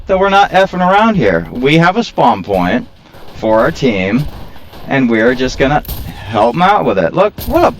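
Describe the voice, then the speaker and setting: A man talks through his gameplay in a loose, rambling way, poking fun at himself and grumbling as he goes. His voice swings up and down with plenty of life, over a faint background hiss. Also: fairly high pitch. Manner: rambling, self-mocking, prone to complaining. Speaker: gaming video creator. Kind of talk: casual gameplay commentary.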